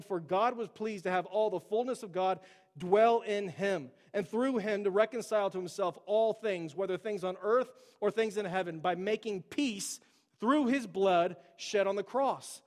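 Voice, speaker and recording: A man's voice: high-pitched, big-room sound. A pastor delivering a conversational sermon to his church, peppering it with casual asides and acting out Bible quotes.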